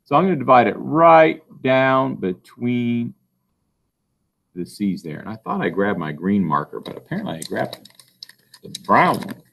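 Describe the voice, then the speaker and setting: Male teacher, phonics lesson, slow and lively, asks and answers. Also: medium pitch, gravelly. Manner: patient, slow, asks questions then answers them. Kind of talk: recorded classroom phonics lesson.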